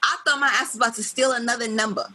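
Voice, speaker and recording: A woman's voice: fairly high pitch, fairly even intonation, racing, background noise. A woman from New York co-hosting a podcast, telling a story in casual chat, swearing often and acting out the other people in it. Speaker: podcast co-host.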